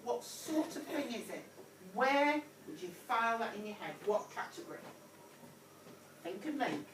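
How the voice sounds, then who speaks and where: A woman's voice: a little high, lively intonation, unhurried, background noise. A woman teaching a primary class, encouraging and repeating her prompts, calling pupils sweetheart. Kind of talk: whole-class phonics lesson. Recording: echoey classroom from far off.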